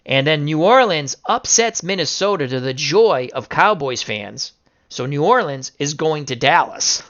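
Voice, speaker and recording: A man calling simulated football results in a bright, forceful voice, swinging from chatty recaps to excited shouting. The audio is a little muffled and lo-fi. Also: a little high, a little slow. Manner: excitable, bursts into shouting over upsets. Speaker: video game sim commentator. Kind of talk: casual play-by-play commentary.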